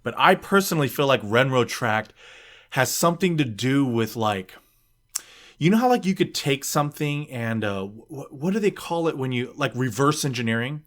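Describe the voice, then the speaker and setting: Man, podcast co-host, casual, rambling, fillers, mid-pitched. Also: lively intonation, moderate pace, a bit bright. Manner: rambling, many fillers and restarts; reads listener tweets aloud.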